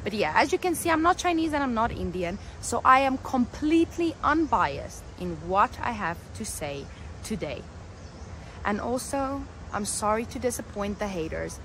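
A woman's voice: on the high side, sing-song, moderate pace, a little hiss or hum. A woman from Africa, hosting a vlog in a chatty, joking way and reading facts aloud. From South Africa. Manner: chatty, joking, self-correcting. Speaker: vlogger. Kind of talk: casual vlog chat and read-out narration. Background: loud background music.

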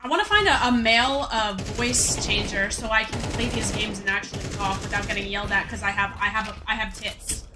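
A woman's voice: medium pitch, brisk, few pauses, noisy background. A young woman streaming a shooter game, chatting casually with a valley-girl way of talking full of "like". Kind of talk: casual gaming stream chat.

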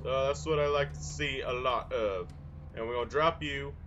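A man's voice: mid-range voice, moderate pace, fairly bright tone, lo-fi sound, a little hiss or hum. A young man casually commenting on his gameplay in a goofy way, full of silly mild exclamations. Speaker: gameplay video host. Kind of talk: casual let's-play commentary.

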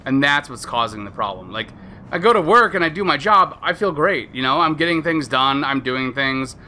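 Bright-voiced man streaming a game, rambling. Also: normal speed, slight background noise. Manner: rambling, candid, often trailing off; sudden high excited outbursts at the game. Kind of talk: casual let's-play commentary.

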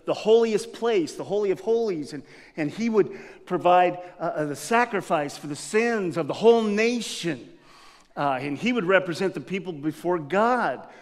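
A man preaching a sermon as pastor, telling a personal story with animated, laughing delivery. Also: high-pitched, normal speed. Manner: lively storyteller who acts out scenes with laughter. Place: church sanctuary. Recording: long reverb of a church hall.

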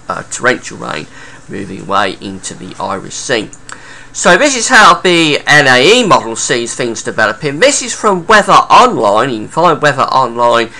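A man giving a casual weather forecast update, talking through the charts with frequent uhs and pauses. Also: mid-range voice, pushed and bright.

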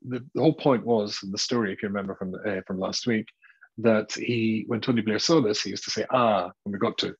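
A rabbi gives a lecture in a somewhat low, husky voice, telling a wry story against himself with plenty of halting restarts. The recording is dull and lo-fi. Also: male voice. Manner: self-deprecating, halting with restarts. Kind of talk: lecture with a humorous anecdote.

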